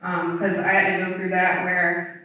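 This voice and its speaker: A footwear designer from the American South answers students on a panel in a university hall before a live audience, emphatic and unapologetic, with many fillers. Her lowish voice is monotone and sharp at normal speed. The lo-fi recording is echoey, with the mic far away.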